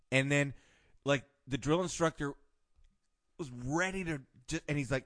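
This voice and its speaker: A man holds forth on a podcast, blunt and swearing freely. His mid-pitched voice is recorded dry and close, with no room sound. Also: a little fast, no echo. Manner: blunt, profane, opinionated. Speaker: podcast host. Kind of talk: casual podcast chat.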